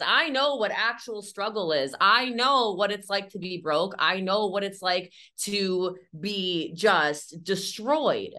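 Bright, energetic woman sales mentor. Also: medium pitch, slow pace, hardly any pauses. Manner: energetic, chatty, emphatic, acts out little scenes with fillers like "like" and "okay". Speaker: entrepreneur and sales mentor, interview guest. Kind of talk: candid interview conversation.

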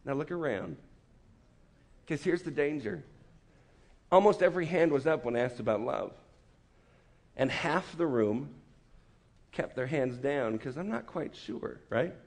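A man preaching a lively, joking sermon to a student meeting, acting out quick voices as he goes. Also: medium pitch. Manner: animated, joking, acts out voices. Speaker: campus ministry speaker. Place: meeting room with an audience.

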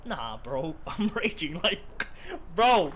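Raging, cursing man over loud gunfire. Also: on the high side, sing-song, slow pace, very noisy. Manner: profane, raging outbursts. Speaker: gaming video creator. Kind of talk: live gameplay commentary.

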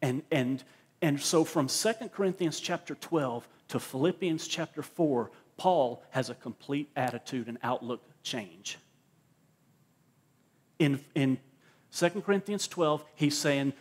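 A man's voice: on the high side, a little slow, slightly rough. A male pastor preaching a sermon at a church service, emphatic and repeating words as he drives his points home.

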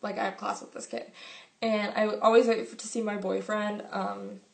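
A teenage girl telling a story to her viewers in a chatty vlog, full of "like" and "um" and quick giggles. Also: mid-range voice, flat delivery, vocal fry. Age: teens. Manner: chatty, filler-heavy, giggly. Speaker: vlogger.

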